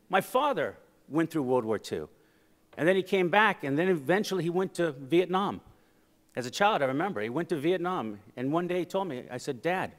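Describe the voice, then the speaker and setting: A man giving a conference keynote, telling personal stories and moving between quiet passages and loud, emphatic ones into a podium microphone. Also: fairly high pitch, lively intonation, fairly quick. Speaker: keynote speaker. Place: conference hall with audience. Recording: reverberant conference hall. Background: audience laughter.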